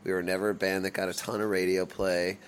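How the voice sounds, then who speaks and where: A middle-aged man with a lowish voice talks loosely about the music business. He restarts his sentences and fills them with "like" and "you know". A faint hiss of room noise sits under his voice. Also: little pitch movement, quick pace. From United States. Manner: rambling, many restarts and fillers. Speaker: touring band musician. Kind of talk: casual interview talk.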